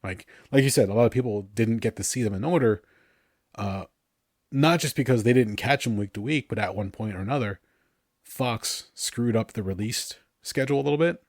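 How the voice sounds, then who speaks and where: A man in his thirties chatting on a podcast, telling animated stories about cartoons he loved and laughing often. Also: mid-range voice, moderate pace, no echo, clean studio sound. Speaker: podcast co-host. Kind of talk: casual podcast chat.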